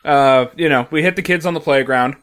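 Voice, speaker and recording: A man from Missouri riffs through a casual podcast chat. His voice sits a bit high, and he jokes and swears freely, often restarting his sentences with stammers. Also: fairly quick, a bit bright, clean tone. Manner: joking, profane, stammering restarts. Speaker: podcast co-host.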